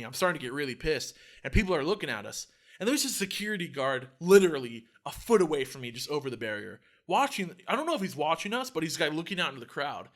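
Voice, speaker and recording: A young man telling a story on a casual podcast, talking fast with a bright, forceful edge. He acts out every quote, swears freely and drops "like" into almost every phrase. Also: a little high. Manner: animated storyteller, acts out quotes, heavy filler "like", swears a lot. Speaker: podcast co-host. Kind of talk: casual chat.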